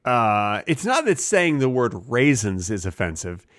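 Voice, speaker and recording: Male podcast co-host, deadpan absurdist, mid pitch, dry booth sound. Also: unhurried, no room sound. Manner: deadpan, absurd rambling jokes. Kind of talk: casual comedic chat.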